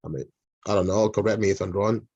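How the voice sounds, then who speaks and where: Spanish-accented guy on a video call, lowish voice, dull dry sound, lots of uhs. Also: quick pace, a little mellow, no room sound. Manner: hesitant, many fillers and restarts. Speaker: mentoring session participant. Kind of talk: casual group video call.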